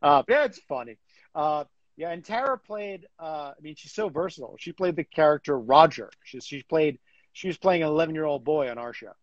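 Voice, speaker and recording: A man chatting as a guest in an interview, animated and full of fillers and restarts. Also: a little high, a little fast, dry recording, highs cut off. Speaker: guest, comic book writer. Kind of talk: casual interview chat.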